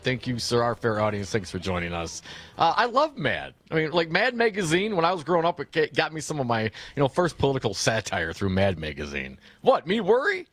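A man's voice: mid-range voice, fairly bright tone. A man co-hosting a radio show, bantering and teasing playfully. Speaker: radio co-host. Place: radio studio. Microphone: studio broadcast mic.

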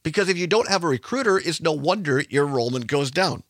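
A man's voice: on the high side, lively intonation, quick pace, a bit bright, no room sound, studio quality. A man hosting a radio talk show, giving emphatic, conversational commentary and sometimes correcting himself mid-sentence.

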